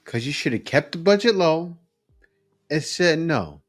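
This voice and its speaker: Animated man scolding in reaction commentary. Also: fairly high pitch, measured pace. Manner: emphatic, animated, blunt and scolding, with chuckles. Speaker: reaction video host.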